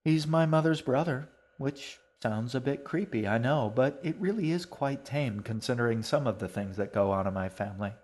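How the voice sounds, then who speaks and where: A man voicing a gentle, talkative young queen in a storybook reading, speaking in a sing-song, fond way. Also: medium pitch, moderate pace, hardly any pauses, close to an everyday voice. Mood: dreamy.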